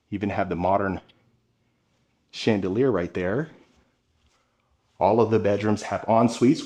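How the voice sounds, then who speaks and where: Man, lowish voice, upbeat home tour host talking straight to viewers while filming on the move. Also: a little mellow. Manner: upbeat, enthusiastic, addresses viewers directly. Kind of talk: narrated home tour vlog.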